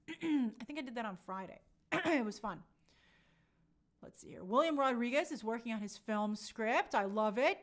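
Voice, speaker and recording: Woman, high voice, livestream host, casual chat, reading comments, upbeat and chatty. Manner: upbeat, chatty, reacts warmly to viewers.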